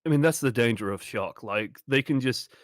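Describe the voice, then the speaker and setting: A man co-streaming, talking over a match in a relaxed, analytical, wry way. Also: medium pitch, moderate pace, no room sound, clean studio sound. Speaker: co-streaming guest. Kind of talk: casual game-analysis chat.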